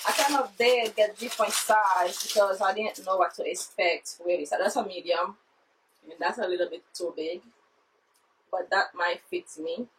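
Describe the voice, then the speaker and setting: A woman vlogging casually from her basement, chatting straight to viewers, excitable and swearing freely. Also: mid-range voice, moderate pace, far from the mic, rough recording. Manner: excitable, swearing, talks straight to viewers, non-native grammar. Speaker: vlogger unboxing her own fitness products. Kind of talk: casual unboxing vlog. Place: home basement.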